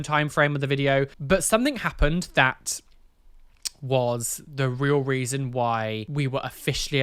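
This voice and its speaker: A young man telling a painful personal story to camera, candid and emotional, halting with fillers. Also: on the high side, fairly bright tone, clear, resonant tone, no echo, studio quality. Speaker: vlogger.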